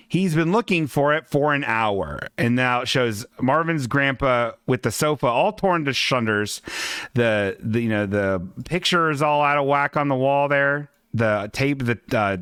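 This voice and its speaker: A man hosting a casual livestream podcast, reading a comic strip aloud with halting restarts and swearing asides. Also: mid-range voice, a bit bright, clear, resonant tone, no room sound, studio quality. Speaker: podcast host.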